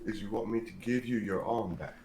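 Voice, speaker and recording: A man playing a tabletop role-playing game, describing his character's actions with hesitant pauses. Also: fairly low pitch, steady tone, a little mellow, a little hiss or hum, low-quality recording. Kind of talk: narrating tabletop role-play.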